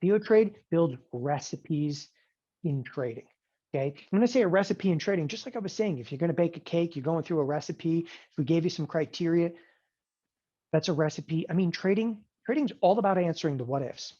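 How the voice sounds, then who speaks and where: A man's voice: a little high, a little fast, warm tone. A man teaching an online trading seminar, talking emphatically and animatedly and often checking in with "okay?". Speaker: trading instructor. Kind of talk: online seminar sales pitch. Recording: dull lo-fi webinar audio.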